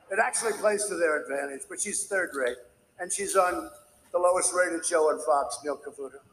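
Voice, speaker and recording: A man's voice: high voice, a bit bright, slight background noise, rough recording. A man speaking as president, combative and repetitive, brushing off reporters. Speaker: president at a press conference. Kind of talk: speech and press conference remarks.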